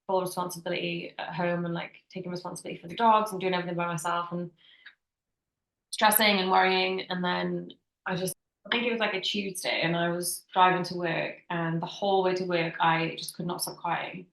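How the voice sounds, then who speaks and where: A young woman co-hosting a podcast, talking in an easy, chatty way and slipping into quoted voices as she tells her stories. Her voice sits a little low. The room adds a noticeable echo. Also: little pitch movement, brisk, creaky, a bit bright. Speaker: podcast co-host. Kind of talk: casual chat.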